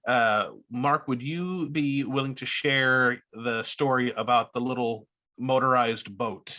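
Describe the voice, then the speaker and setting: Brief: male podcast host, keen fan, forceful bright tone. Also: mid-range voice, steady tone, takes it slowly. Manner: eager fan, setting up questions. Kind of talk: casual podcast interview.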